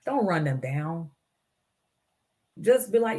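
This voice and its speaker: A woman's voice: low voice, normal speed, slight background noise. A woman hosting her own show, giving earnest, preachy life advice and acting out the voices of people she quotes. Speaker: show host. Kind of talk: motivational talk.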